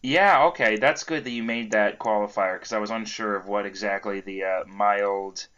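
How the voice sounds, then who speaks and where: A man's voice: on the low side, normal speed, bright, forceful tone, smooth. A young man co-hosting a casual comedy podcast, trading dry, teasing banter. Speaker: podcast co-host. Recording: slightly dull lo-fi sound.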